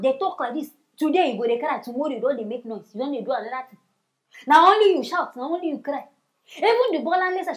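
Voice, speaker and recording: Lively, fast-talking Nigerian woman host. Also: high voice. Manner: animated, mocking, addresses viewers. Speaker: comedy news host. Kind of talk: commentary in Pidgin.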